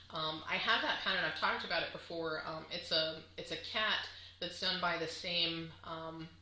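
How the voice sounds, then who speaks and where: Bright, gushing woman vlogger. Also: low-pitched, echoey room, a little hiss or hum, rough recording. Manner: gushing, chatty, many fillers. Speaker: crafting vlogger. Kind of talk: casual chat to camera.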